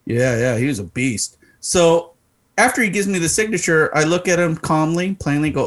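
A man telling a story in casual chat, profane and animated, acting out the people in it. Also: on the high side, normal speed. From Arizona. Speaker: podcast co-host.

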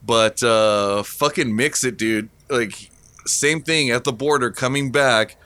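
Casual male co-host, bright tense tone, dry close sound, swears a lot and acts out the quotes. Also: medium pitch, takes it slowly, no room sound. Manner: profane, animated storyteller acting out quotes. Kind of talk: casual storytelling chat.

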